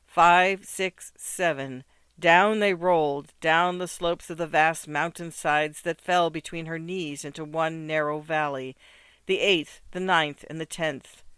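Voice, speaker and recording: A man reads a literary story with measured, rhythmic phrasing, his smooth, resonant voice sitting slightly high. The sound is close and dry, with no room around it. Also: fairly even intonation, pushed and bright, dry recording. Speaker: narrator. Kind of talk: scripted narration of a literary story.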